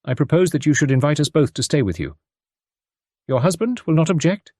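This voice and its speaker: A man voicing a fastidious middle-aged detective who speaks formally, methodically and courteously. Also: fairly high pitch, very animated, a little mellow, dry recording, studio quality, pitched above the performer's own voice. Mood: measured.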